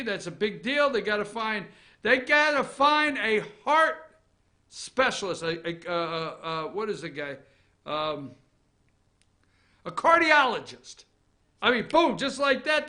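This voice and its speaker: A man's voice: very high-pitched, pushed and bright. A man hosting a political opinion show, ranting sarcastically, swearing freely and laughing at his own jokes. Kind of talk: off-the-cuff political commentary.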